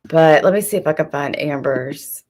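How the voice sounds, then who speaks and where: A woman's voice: low voice, normal speed, a little mellow, slight background noise. A woman hosting a live stream, gossiping and calling people out in casual chat. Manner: sassy, gossipy, talks straight to chat. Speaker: streamer host.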